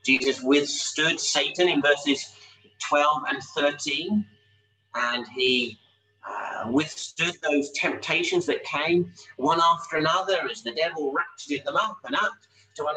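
A man's voice: on the high side, a little slow, sharp tone, recorded from a distance, poor audio. A man preaching a sermon, explaining a scripture passage with frequent rhetorical tag questions. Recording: voice a little off-mic, faint hum.

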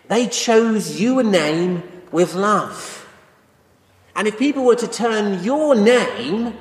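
Male preacher, lively, pitched a bit high, conversational sermon full of rhetorical questions, church hall with a long echo. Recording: echoey hall with long reverb.

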